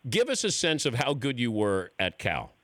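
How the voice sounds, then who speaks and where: A man's voice: medium pitch, moderate pace, dry recording. A man hosting a radio talk show, joking and telling self-deprecating stories. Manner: jokey, animated, self-deprecating storyteller. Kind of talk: casual radio interview.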